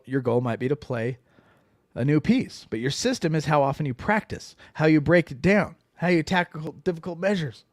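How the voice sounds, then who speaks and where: A man co-hosting a casual book podcast, his pitch bouncing around as he reads passages and comments on them. He sounds animated and conversational. The recording is close and dry, with no room sound. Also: no echo. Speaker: podcast co-host.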